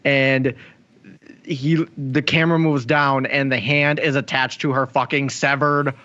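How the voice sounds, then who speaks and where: Podcast co-host, man, mid-pitched, lively scene-by-scene retelling, slightly muffled lo-fi audio. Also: measured pace. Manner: animated play-by-play retelling, acting out quotes. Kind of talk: casual chat, recapping an episode. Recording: slightly dull lo-fi sound.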